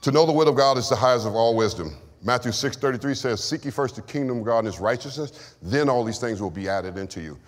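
A man's voice: mid-range voice, expressive, fast talker, few pauses. A man preaching a sermon and giving testimony, with call-and-response lines to the congregation. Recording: long hall reverb.

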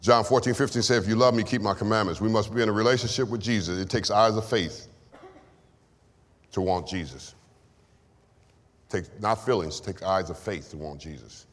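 Guy preaching in church, lowish voice, lots of hall reverb. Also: moderate pace, pauses often. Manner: call-and-response preaching, testimony. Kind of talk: sermon.

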